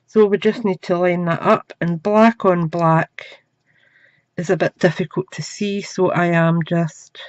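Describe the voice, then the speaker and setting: A woman's voice: fairly low pitch, dull audio. A woman giving a crafting tutorial from her desk at home, chatting as she works with her hands. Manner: chatty, talks while working with her hands. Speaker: craft demonstrator. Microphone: camera mic.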